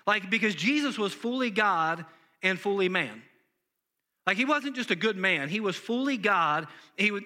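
Young guy pastor, high bright voice, chatty sermon, lots of likes. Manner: casual, conversational preaching with many "like" fillers.

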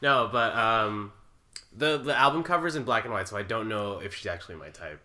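A man's voice: fairly low pitch, fairly quick, bright, forceful tone. A young man co-hosting a podcast, rambling in casual chat with lots of fillers and laughs. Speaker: podcast co-host.

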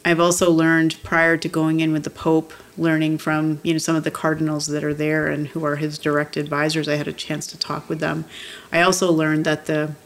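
Low gravelly-voiced woman recounting earnestly. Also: monotone, fairly quick. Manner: earnest, frequent "you know" and "like" fillers. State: moved, near tears. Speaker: activist guest. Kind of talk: heartfelt storytelling in conversation.

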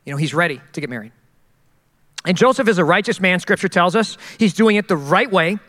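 A male pastor preaching a sermon in an animated, conversational way, with jokes along the way. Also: high voice, brisk. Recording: long hall reverb.

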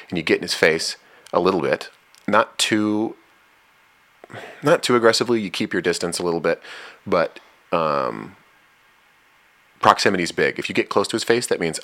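Speaking at a moderate pace, a man whose voice is very low and deep, with a bright, forceful edge, hands out casual relationship advice. He says exactly what he means without softening it, coming across as a plainspoken host voicing hard-won opinions.

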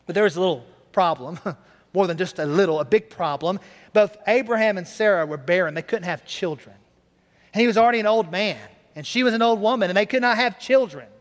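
Brief: earnest male preacher, fairly high voice, storytelling sermon. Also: fairly quick, long reverb tail.

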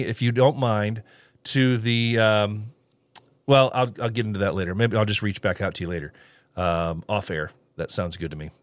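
A man's voice: fairly low pitch, moderate pace, dry recording. A man hosting a casual solo podcast, rambling with restarts and little chuckles as he reads live comments. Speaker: podcast host.

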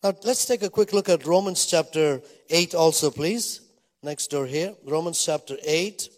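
An older man preaching a sermon as pastor, reading scripture slowly and then telling stories with many fillers. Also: on the high side, in a large hall.

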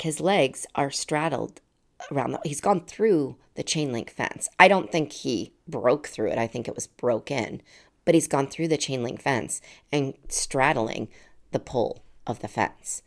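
A woman in her forties telling a personal story in a casual, animated way, laughing often and acting out what people said. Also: very deep voice, a little slow. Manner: animated, laughing, acts out quoted voices.

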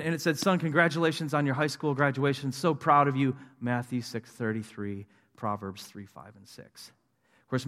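Earnest preacher in an echoing hall. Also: male voice, medium pitch. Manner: earnest storytelling, rising to emphatic declarations. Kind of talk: testimony sermon. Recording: long reverb of a large hall.

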